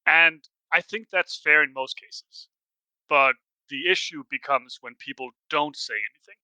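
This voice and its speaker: A man's voice: fairly high pitch, unhurried, bright, forceful tone, clear, resonant tone, no room sound, rough recording. A man with a Danish accent chatting casually as a guest on a podcast, talking things through step by step. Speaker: podcast guest, Commander player.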